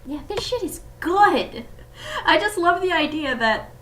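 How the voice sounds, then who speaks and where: A woman's voice: extremely high pitch, animated, a little slow, fairly bright tone, a little hiss or hum. A woman co-hosting a casual chat, enthusiastic and swearing freely. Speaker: co-host.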